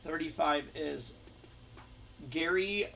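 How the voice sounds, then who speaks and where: A man's voice: fairly high pitch, takes it slowly, gravelly, bright, forceful tone, distant mic, soft background music. A man from Michigan chatting casually as he sorts and counts hockey cards aloud for his channel. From Michigan, United States. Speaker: hockey card collector, channel host. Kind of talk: casual card-sorting commentary.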